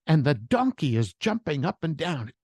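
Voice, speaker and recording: A man's voice: fairly high pitch, very animated, moderate pace, vocal fry, a little mellow, husky, no room sound. A man who is a worship leader, sharing a reflective devotional message with storytelling on a video call.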